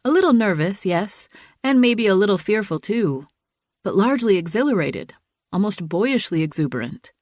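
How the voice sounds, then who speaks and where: A woman narrating an audiobook thriller in a steady, measured reading. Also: mid-range voice, no echo, studio quality. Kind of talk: scripted narration.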